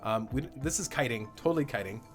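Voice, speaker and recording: A man's voice: medium pitch, expressive, a little fast, faint music behind. A young man giving live commentary on a colony-building game, gleeful and darkly joking, laughing often. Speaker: gaming livestreamer.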